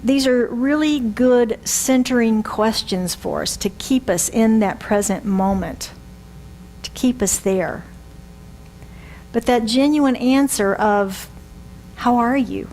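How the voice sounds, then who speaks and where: Woman, sixties, minister, sermon, questions the congregation, slightly high voice, faint hum. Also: darkish tone, low-quality recording. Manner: conversational, asks the congregation rhetorical questions. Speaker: reverend.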